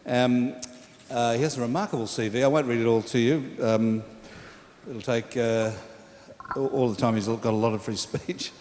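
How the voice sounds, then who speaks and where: A man's voice: mid-range voice, fairly even intonation, normal speed, darkish tone. Hesitant man introducing a speaker. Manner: hesitant, many fillers. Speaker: event host introducing speakers. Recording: long hall reverb, faint room noise.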